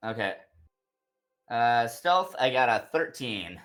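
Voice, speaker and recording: A man's voice: medium pitch, sing-song, takes it slowly, a bit bright. A man playing a tabletop game, hesitant and full of fillers, unsure of the rules. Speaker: player.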